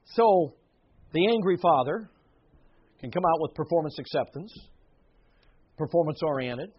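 Husky, emphatic male preacher. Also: fairly high pitch, animated, unhurried, muffled recording. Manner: earnest, emphatic, with asides and short laughs. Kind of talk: sermon.

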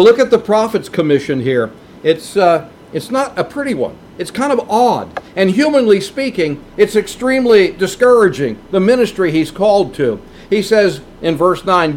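A man preaching a sermon in a slow, emphatic way, with big swings in pitch for emphasis. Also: very animated, slight background noise.

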